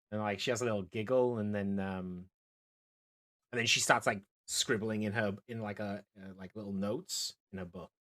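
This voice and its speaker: A man's voice: on the low side, steady tone, normal speed, fairly bright tone. A man narrating a tabletop game as game master, rambling with many fillers and restarts.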